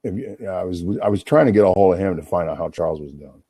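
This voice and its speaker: A man's voice: low voice, quick pace, warm tone, breathy edge, dry recording. A middle-aged man rambling and swearing in a casual livestream monologue, talking over himself. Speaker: livestream host on a phone call.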